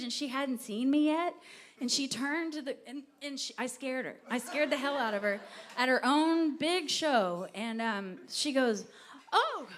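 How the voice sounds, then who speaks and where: A woman singer from Texas chatting with a live audience between songs, rambling and self-deprecating as she tells a story. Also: sits high. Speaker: singer-songwriter performing live. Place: live music venue with audience.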